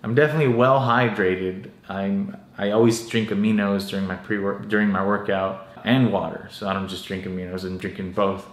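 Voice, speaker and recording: A young man vlogging about fitness, deadpan and self-mocking with casual swearing, sounding drained and lightheaded from dieting. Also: fairly low pitch, brisk, hardly any pauses. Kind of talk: casual vlog talk. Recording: echoey room.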